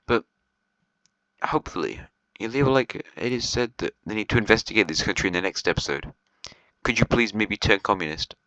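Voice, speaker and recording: Low, bright-toned rambling man. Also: no room sound, lo-fi sound. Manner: rambling and chatty, with frequent ums and restarts; half-joking, with short laughs. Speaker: video creator commenting on a series. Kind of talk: casual commentary.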